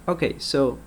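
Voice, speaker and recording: A man teaching an English grammar lesson, patient and explanatory, repeating example sentences and pausing with ums. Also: on the high side, vocal fry, a little hiss or hum.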